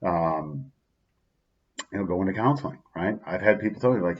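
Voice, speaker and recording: Deep-voiced, upbeat man hosting a daily talk. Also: normal speed, muffled recording. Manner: upbeat and heartfelt, with frequent "right?" and "um" fillers. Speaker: daily motivational video host. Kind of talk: casual spoken reflection.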